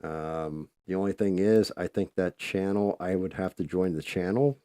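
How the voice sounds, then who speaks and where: A man hosts a casual live stream, talking loosely and cursing freely as he paints. His voice sits on the low side with a mellow, relaxed tone. The sound is dry and close. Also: moderate pace, dry recording. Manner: loose, chatty, swears freely. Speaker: livestream host.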